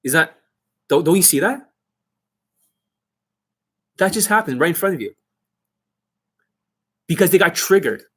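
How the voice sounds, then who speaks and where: A man's voice: high voice, expressive, a little slow, pauses often, a bit bright, breathy edge. A man working as a dating coach, ranting aggressively and profanely on a livestream.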